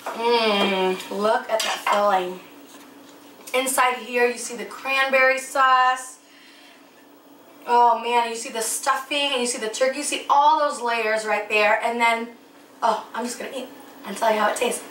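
A woman's voice: on the high side, fairly even intonation, a little slow, fairly bright tone, slight background noise. A woman hosting a home cooking show, talking casually and enthusiastically as she tastes her dishes. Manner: enthusiastic, tasting food as she talks. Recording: echoey kitchen, mic at a distance.

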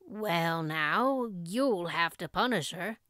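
A woman voicing a shy, mild older farmer who speaks hesitantly and softly. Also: lowish voice, animated, no room sound, clean studio sound. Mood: forlorn. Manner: hesitant, soft, drawn-out "well, now".

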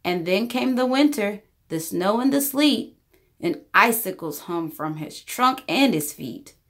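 Woman, storyteller, children's read-aloud, rhyming, very lively pitch, expressive. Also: measured pace.

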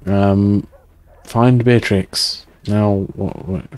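A man's voice: fairly low pitch, moderate pace, dry recording. A man streaming a video game live, chatting and joking with viewers and swearing often. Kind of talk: casual live-stream chat while playing.

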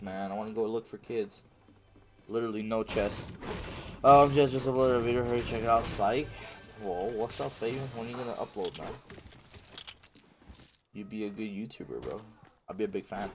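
A man's voice: medium pitch, noisy background. Slangy male game streamer chatting. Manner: reads viewer chat aloud and answers, slangy, says "bro" and "man" often. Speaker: livestreamer. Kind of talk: casual livestream chat while gaming.

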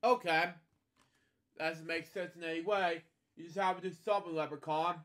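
A man reading a children's storybook aloud in a casual way. His voice is a little high, and he stumbles, repeats words, and keeps breaking off for offhand comments. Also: steady tone, normal speed, fairly bright tone. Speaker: storybook reader and host. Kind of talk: casual read-aloud with chatty asides.

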